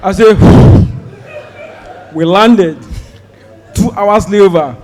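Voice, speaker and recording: A Nigerian man doing stand-up, telling a story and acting out the dialogue with sudden loud outbursts. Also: sits high, extremely slow, big-room sound, some chatter behind. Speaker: stand-up comedian.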